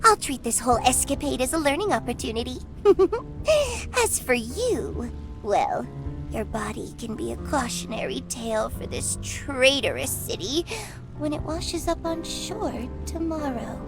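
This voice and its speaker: A woman's voice: high voice, big pitch swings, a little slow, full character voice. A woman voicing a haughty, scheming female cat villain in a video game, sneering and gloating theatrically. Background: game music.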